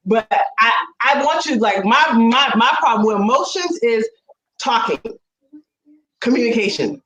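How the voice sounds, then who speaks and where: A woman's voice: on the high side, expressive, unhurried, a bit bright, reverberant, low-quality recording. A woman in casual chat, rambling with frequent restarts and acting out what others said.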